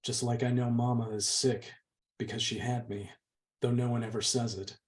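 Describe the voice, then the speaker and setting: A man reading aloud, voicing a meek and gentle young woman who pleads softly with her older sister. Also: mid-range voice, level tone, normal speed, lightly acted. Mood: sad. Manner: soft, pleading. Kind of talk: audiobook reading.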